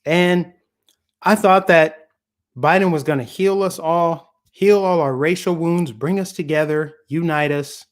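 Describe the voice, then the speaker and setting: A man with a high voice hosts a solo political commentary show, speaking casually with a sarcastic tone and plenty of rhetorical questions. His voice is getting scratchy.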